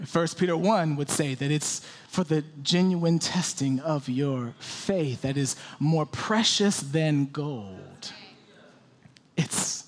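A male preacher with a high voice delivers a dramatic sermon. He swings from loud, pleading questions down to hushed whispers.

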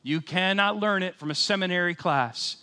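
A man in his fifties preaching a sermon, animated, swinging between loud excited bursts and quiet, sober scripture readings. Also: high voice, normal speed, clear, resonant tone. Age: 50s. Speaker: pastor.

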